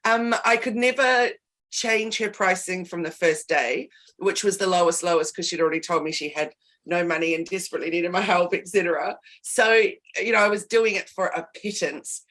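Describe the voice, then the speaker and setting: A woman's voice: lowish voice, normal speed, fairly bright tone. Candid woman storytelling on a call. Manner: candid storyteller who laughs in the middle of sentences. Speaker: co-host. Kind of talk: casual chat on a live video call. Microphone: video call.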